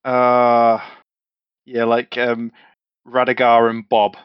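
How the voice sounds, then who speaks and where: A man's voice: mid-range voice, monotone, slow, clear, resonant tone, dry recording. A man playing his character in a tabletop game, with matey, swearing, laid-back banter. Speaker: player. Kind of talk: in-character tabletop role-play. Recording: slightly muffled, dry sound.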